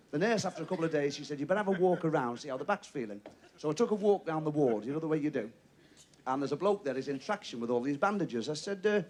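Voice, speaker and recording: A man with a Liverpool accent doing a stand-up comedy routine, telling jokes and voicing characters in a TV studio. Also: on the high side. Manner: quick joke-telling with lively voiced characters. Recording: TV studio with audience laughter.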